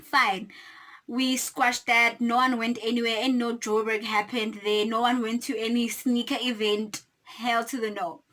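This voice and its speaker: A South African woman in her twenties telling a storytime vlog, animated and indignant, often talking straight to her viewers. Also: on the high side, measured pace, low-quality recording. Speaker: YouTuber.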